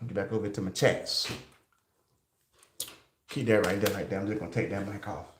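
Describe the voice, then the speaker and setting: A male livestream host who talks straight to his chat in an excitable, casual way. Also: low voice, normal speed, echoey room, background noise.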